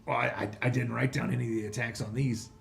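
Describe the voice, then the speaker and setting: A man's voice: medium pitch, flat delivery, fast talker, creaky, faint music behind. A man running a tabletop game as game master, narrating loosely with many fillers. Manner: loose, laughing, lots of fillers. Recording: echoey room, faint ambience.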